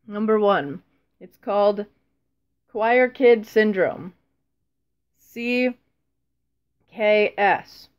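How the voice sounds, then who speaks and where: Rambling teen girl vlogger, lo-fi. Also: mid-range voice. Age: teens. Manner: rambling, self-deprecating, frequent ums and laughs. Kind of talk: casual vlog chat.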